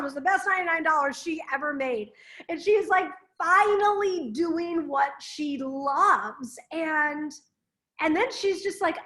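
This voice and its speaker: Woman, coach, high voice, enthusiastic, storytelling, video call. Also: a little slow, sharp tone. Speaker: business coach. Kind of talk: live webinar teaching.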